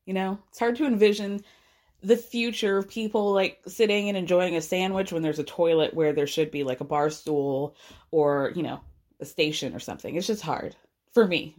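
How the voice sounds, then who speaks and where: A woman's voice: on the low side, normal speed, darkish tone. Chatty woman recapping with sarcasm. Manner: chatty, sarcastic, laughs often. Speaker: podcast host recapping a reality show. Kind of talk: casual recap chat.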